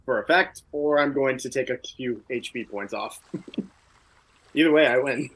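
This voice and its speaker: A man's voice: medium pitch, unhurried, fairly bright tone, slightly rough, poor audio. A man playing a tabletop game, describing his character's actions and laughing often. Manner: laughs often, shifts into a proud warrior voice. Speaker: player. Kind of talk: tabletop role-play, narrating his character.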